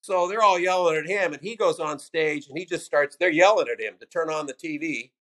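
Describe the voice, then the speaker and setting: An older man, a stand-up comic, spins casual stories from the road. His voice sits a little high for a man. He drops in profanity and punches up the voices of people he quotes. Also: fairly quick. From United States. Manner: loose, profane anecdotes with animated quoted voices. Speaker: stand-up comedian, guest. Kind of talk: casual storytelling interview.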